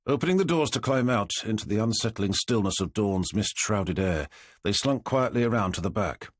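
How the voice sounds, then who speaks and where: A man, narrating an audiobook in a measured, expressive way, on a close studio microphone. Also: lowish voice, breathy edge, no room sound.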